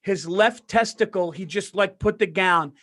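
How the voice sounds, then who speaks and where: A man co-hosting a podcast and telling a story in casual talk, animated and profane, swearing oaths and acting out the people in it. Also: high-pitched, a little slow. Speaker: podcast co-host.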